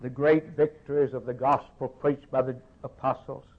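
Guy preaching a sermon, big dramatic questions then goes quiet, sounds like a phone recording. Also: little pitch movement, moderate pace, narrow, tinny audio. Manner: declamatory, swelling to raised rhetorical questions then dropping low.

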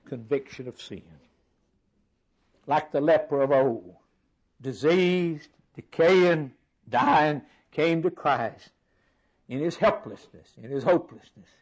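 A man's voice: a little high, lively intonation, slow, long pauses, poor audio. A man preaching a sermon, stringing words into rhythmic, emphatic lists.

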